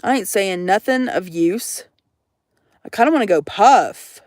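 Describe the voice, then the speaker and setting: A woman's voice: medium pitch, lively intonation, unhurried, a little mellow, no room sound, clean studio sound. A young woman rambling to her livestream viewers in a jokey, profane, casual chat from out in the woods. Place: outdoors in the woods.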